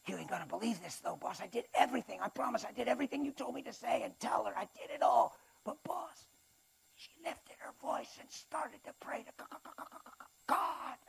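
A man's voice: very high voice, animated, fast talker, gravelly, hardly any pauses, a little hiss or hum, voice pushed up, exaggerated voice, low-quality recording. A man whispering as a stammering little imp. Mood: nervous pleading. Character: little male imp, fawning, nervous.

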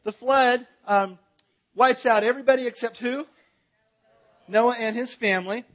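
A man with a high, light voice teaches a Bible seminar to a live crowd. He is from Southern California and keeps things playful, cracking jokes and getting everyone to answer back and act out motions. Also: moderate pace. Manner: playful, jokey, coaxes the audience to join in. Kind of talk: lively live Bible seminar with audience participation.

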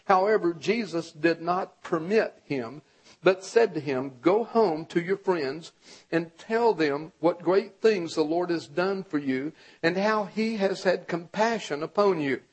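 A man preaching a sermon with a high, husky voice. He reads scripture and talks straight to the congregation, and climbs into a shout when he urges them on. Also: a little slow, low-quality recording. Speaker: pastor.

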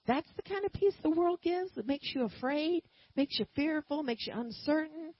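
A woman preaching a sermon and telling a personal story, swinging from quiet asides to loud emphatic bursts. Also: high-pitched, animated, unhurried, no echo, muffled recording.

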